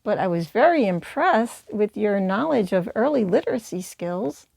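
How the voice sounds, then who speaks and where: A woman's voice: medium pitch, lively intonation, moderate pace, creaky, few pauses, darkish tone, no room sound. A woman hosting a puppetry channel, explaining puppet techniques in an encouraging, teacherly way. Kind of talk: instructional video.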